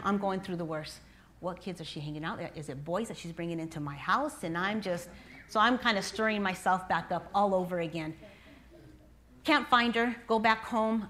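A woman's voice: medium pitch, fairly bright tone. A middle-aged woman, a pastor's wife, giving a conversational sermon to mothers, telling a personal story and asking her listeners questions. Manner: conversational, asks the audience questions. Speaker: pastor's wife speaking to moms.

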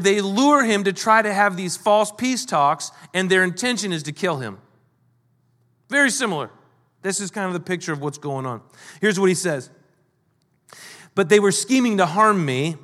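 A male pastor with a high, light voice delivers an animated sermon. He talks casually and slips into the voices of the people he quotes. His words ring out through a large hall with a long reverb. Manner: animated, acts out quoted lines.

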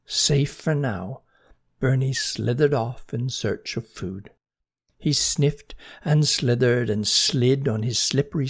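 Storybook narration, gentle, expressive, husky voice, unhurried. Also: medium pitch.

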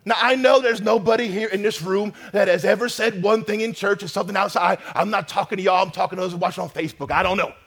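A man preaching a sermon as pastor, emphatic and swinging between loud declarations and hushed asides. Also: high-pitched, steady tone, quick pace, gravelly, hardly any pauses. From North America.

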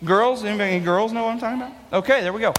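High-voiced man telling a playful story. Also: rapid-fire, a little hiss or hum. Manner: animated, playful, jokey storyteller. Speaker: youth speaker. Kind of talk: storytelling youth talk. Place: large hall before an audience. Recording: echoey hall reverb.

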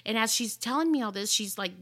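A woman hosting a podcast, telling a story in casual chat with lots of animated "like" fillers. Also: a little high, quick pace. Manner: animated, fills talk with "like". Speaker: podcast host.

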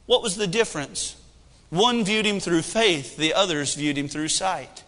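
Man, 30s, pastor, animated sermon with jokes, bright tone, long hall reverb. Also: high voice, unhurried. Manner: animated preaching with humor.

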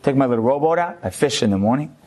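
A man's voice: mid-range voice, animated, quick pace, darkish tone, faint music behind, close to an everyday voice. A man doing a content, easygoing fisherman.

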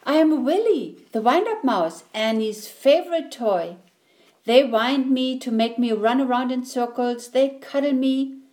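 A woman reading a storybook aloud and voicing a cheerful male wind-up toy mouse who speaks with a proud, bright manner. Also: high-pitched, lively intonation, unhurried, pitched above the performer's own voice.

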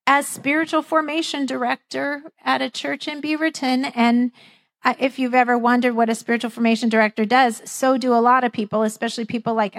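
A woman's voice: high voice, fairly bright tone. A middle-aged woman pastor preaching a sermon in a conversational, lightly humorous way, acting out the voices she quotes.

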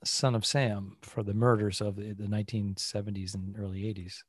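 A man co-hosting a comedy podcast, riffing on jokes with deadpan mock seriousness in casual chat. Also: fairly low pitch, brisk, breathy edge, no room sound, clean studio sound. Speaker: podcast co-host.

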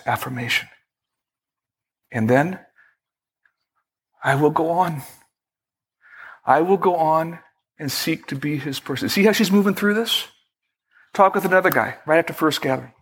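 Slow, measured male preacher. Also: fairly high pitch, a bit bright, slightly rough. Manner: measured preaching with slow, emphatic prayerful quotes. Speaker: pastor. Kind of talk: sermon. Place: church sanctuary.

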